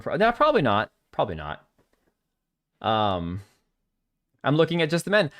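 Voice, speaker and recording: A lively, ranting male stream host. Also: mid-range voice, no room sound, clean studio sound. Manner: ranting, blunt and mocking. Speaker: livestream host. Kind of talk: casual live stream commentary.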